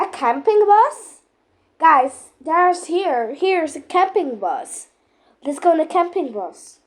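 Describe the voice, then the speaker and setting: High-voiced excitable woman playing pretend. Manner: excitable, dramatic, lots of exclamations. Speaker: game role-play narrator. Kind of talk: playful voiced role-play of a game story.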